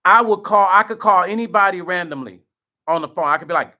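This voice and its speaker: A man's voice: high voice, brisk, pushed and bright. A middle-aged man vlogging, earnest and close to tears, repeating himself and speaking straight to his viewers. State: choked up, near tears. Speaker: vlog host. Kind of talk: emotional direct-to-camera talk.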